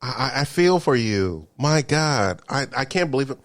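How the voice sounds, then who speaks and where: A man, ranting comedically to camera in a vlog and dropping into hushed whispered asides. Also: medium pitch, very animated, normal speed, dry recording, clean studio sound. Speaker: vlogger.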